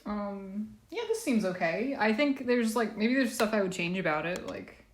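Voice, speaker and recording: A woman's voice: medium pitch, lively intonation, normal speed, echoey room, slight background noise. A woman chatting casually on a live stream from a laundry room, a bit congested and sniffly, nervous and self-deprecating.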